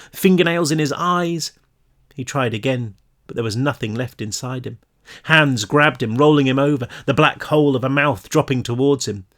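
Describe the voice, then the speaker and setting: A man's voice: fairly high pitch, fairly bright tone. Man reading his novel, voice rising in tense passages. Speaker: author reading his own novel aloud. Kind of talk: audiobook-style reading.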